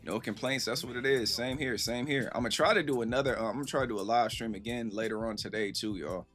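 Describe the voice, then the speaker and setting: A man telling a story casually to his live stream chat, animated and rambling, acting out the voices he quotes. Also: mid-range voice, quick pace, faint music behind.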